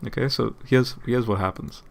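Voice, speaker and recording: A man's voice: medium pitch, moderate pace, creaky. A man hosting a channel, explaining a point in casual commentary, often repeating words and checking in with "okay?". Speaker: apologetics channel host.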